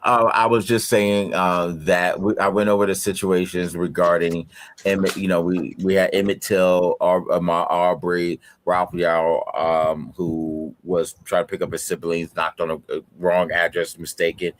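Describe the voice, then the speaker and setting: A man hosting a podcast discussion, talking haltingly with many fillers and restarts. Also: sits low, little pitch movement. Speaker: podcast host.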